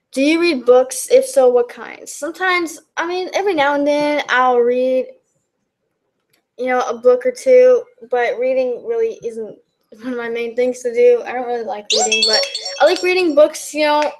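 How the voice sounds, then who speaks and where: A woman's voice: high voice, a little mellow. A woman reading out questions and answering them in a casual, rambling way, full of fillers and restarts. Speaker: YouTube backyard wrestling commentator.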